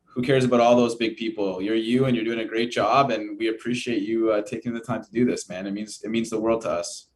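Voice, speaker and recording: A man from a band with a fairly low voice, speaking in an earnest, grateful way on a casual interview. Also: steady tone, fairly quick, low-quality recording. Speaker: band member guest.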